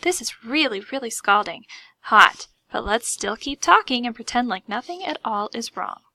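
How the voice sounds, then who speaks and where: A woman's voice: a little high, animated, moderate pace, pushed and bright, no room sound. A woman voicing a bossy, snappish old woman who gives curt, impatient orders in a storybook reading. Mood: strained.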